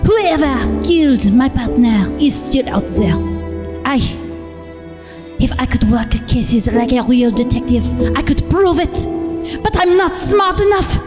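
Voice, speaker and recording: A tough cop in a put-on French accent, voiced by a woman, delivering a gruff, dramatic monologue. Her voice is high. There is a long reverb with music behind. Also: expressive, a little slow. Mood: brooding.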